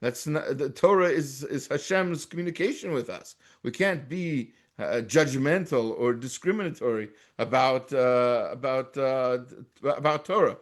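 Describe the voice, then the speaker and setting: A man's voice: medium pitch, expressive, measured pace, hardly any pauses. A man with an American accent teaching a Torah class as a rabbi. He reads Hebrew texts aloud and translates them, with frequent restarts.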